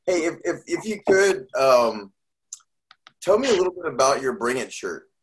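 A man's voice: on the high side, big pitch swings, normal speed, poor audio. A man hosting a casual interview, encouraging his guest with short affirmations.

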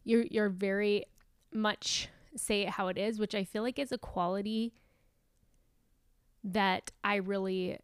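A woman's voice: mid-range voice, steady tone, measured pace, long pauses, smooth, no echo, studio quality. A woman co-hosting a podcast in casual chat, talking in a chatty, teasing way and laughing easily. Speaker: podcast co-host.

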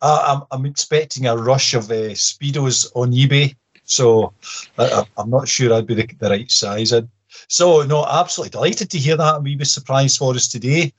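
A man, a guest on a football podcast, talking casually with dry humour and halting restarts. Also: medium pitch, breathy edge.

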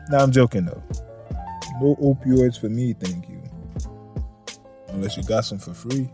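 Brief: easygoing male podcast host, loose rambling delivery, curses freely, mid-pitched voice. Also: a little slow, pauses often, mellow, soft background music. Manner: laid-back and swearing, laughs often, rambles off topic. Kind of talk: casual news chat.

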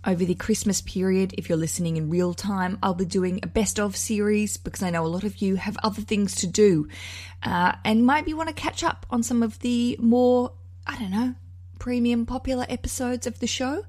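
A woman's voice: medium pitch, normal speed, a little mellow, no room sound, clean studio sound. A woman in her thirties with an Australian accent, hosting a podcast in a casual, chatty and self-deprecating way. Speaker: podcast host. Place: outdoors at a party for the interview.

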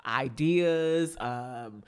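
A woman co-hosting a casual chat, relaxed and quick to laugh, with lots of ums and uhs. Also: very deep voice, clean tone. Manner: relaxed, laughs often, many fillers.

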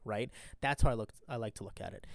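A man's voice: on the low side, fast talker, vocal fry, darkish tone, dry recording. A man talking through a motivational monologue in a casual vlog, earnest and rambling, often tagging his points with a question. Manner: earnest, rambling, keeps asking "right?". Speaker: vlogger sharing a mindset talk. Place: stranded at an airport after a cancelled flight.

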